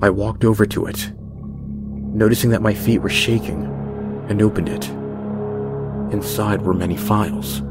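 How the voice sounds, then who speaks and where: A man narrates a horror story in a measured, tense voice pitched a little low. His delivery stays steady and deliberate. Background music runs under the reading.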